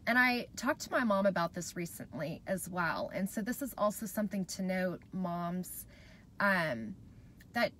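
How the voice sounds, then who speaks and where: A woman's voice: fairly low pitch, expressive, unhurried, a bit bright, slight background noise. A woman in her thirties, a mom vlogger, telling a personal story to camera in a chatty, heartfelt way and speaking straight to her viewers.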